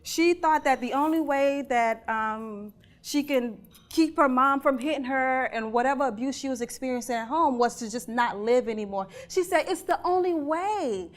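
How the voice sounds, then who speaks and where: A woman delivers a keynote talk in a chatty, earnest way. Her voice sits high, and she keeps turning to the audience with questions. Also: moderate pace, hardly any pauses. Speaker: keynote speaker.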